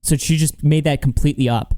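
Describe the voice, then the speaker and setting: A man's voice: on the high side, fairly even intonation, fast talker, mellow. A man hosting a casual commentary stream, laughing often and swearing freely as he mocks what he is watching. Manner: laughing, profane, mocking banter. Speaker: commentary host.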